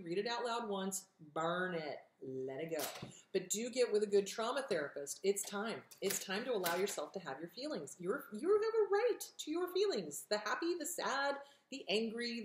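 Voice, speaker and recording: A middle-aged woman from California hosting an advice show, blunt and direct, swearing freely as she answers viewer questions. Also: medium pitch. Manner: direct, emphatic, encouraging. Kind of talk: casual advice talk. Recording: echoey room.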